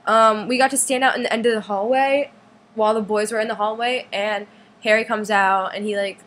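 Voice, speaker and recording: A woman's voice: medium pitch, steady tone, fairly quick, a bit bright. A young woman casually telling a long story, with "like" in nearly every phrase and squealing when she acts out others. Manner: chatty, full of "like", acts out others' lines in a squealy voice. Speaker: fan recounting a concert trip.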